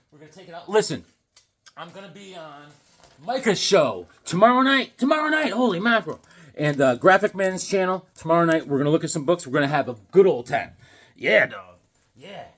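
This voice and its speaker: A man's voice: on the high side, brisk. A man rambling casually while showing his drawings, chuckling and full of fillers and self-talk. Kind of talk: casual rambling show-and-tell.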